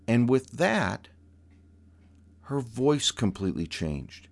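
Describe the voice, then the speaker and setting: A man telling a personal story in a measured, unhurried way, with pauses and small restarts. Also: sits low, lively intonation, creaky.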